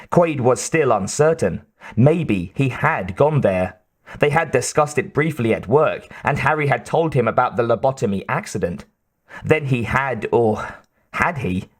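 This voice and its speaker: A man narrating an audiobook in a measured, even storytelling manner. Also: mid-range voice, husky. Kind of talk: scripted narration.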